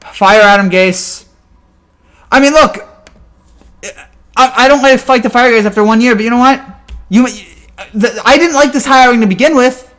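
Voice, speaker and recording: A man delivers a fan reaction rant in a voice pitched well above most men's. He sounds exasperated throughout and keeps tripping over his words, restarting sentences as he vents. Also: normal speed, pauses often, a bit bright. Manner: exasperated and ranting, with frequent stammered restarts. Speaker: sports fan commentator.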